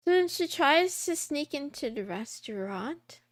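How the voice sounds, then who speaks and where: Streamer lady chatting slow while she draws, high voice w some fry, giggly rambly jokes. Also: a bit bright, no room sound, studio quality. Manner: rambling, giggly, joking with herself. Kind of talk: casual chat while drawing a comic.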